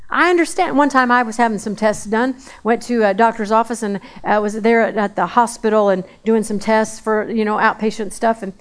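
A woman's voice: on the high side, fairly even intonation, fairly quick, few pauses, smooth. A woman preaching a sermon in a conversational way, repeating phrases for emphasis.

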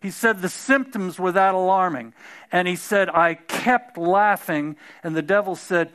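High bright-voiced preacher man. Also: a little slow. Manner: conversational, repeats and restarts, builds to emphatic shouts. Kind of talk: sermon.

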